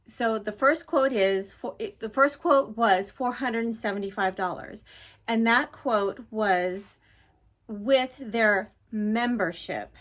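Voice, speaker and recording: A woman's voice: on the high side, takes it slowly, a bit bright. Rambling, venting woman vlogger. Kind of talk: casual vlog chat. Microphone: handheld phone at arm's length.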